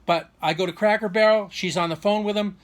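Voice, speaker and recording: A man's voice: high voice, fairly even intonation, fairly quick. A middle-aged man telling a personal story in an aggrieved, rambling way, full of restarts and rhetorical questions. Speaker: vlogger.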